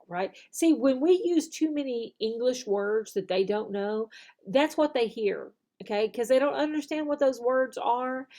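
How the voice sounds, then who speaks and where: Upbeat woman teacher, slightly high voice. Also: lively intonation, warm tone. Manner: demonstrates phrases slowly and exaggerated, tags "okay?". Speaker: online English teacher giving training. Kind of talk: instructional video talk.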